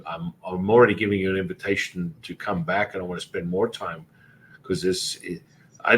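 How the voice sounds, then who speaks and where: A man's voice: sits low, a little hiss or hum. A man hosting a podcast, talking in a rambling, casual way about spirituality, with many fillers and repeated words. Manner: does animated voices when telling stories. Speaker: podcast host. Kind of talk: casual spiritual interview chat.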